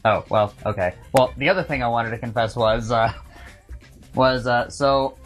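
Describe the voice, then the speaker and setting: A male podcast host tells stories in a casual chat, rambling with lots of restarts and filler words. His mid-range voice moves at normal speed, with faint music in the background.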